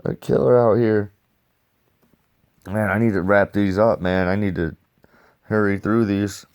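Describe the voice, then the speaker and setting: A man's voice: lowish voice, a little slow, dry recording. A young man casually reviewing a comic book, rambling and swearing as he acts out scenes and adds sound effects. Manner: profane, excitable, sound effects and acted-out dialogue.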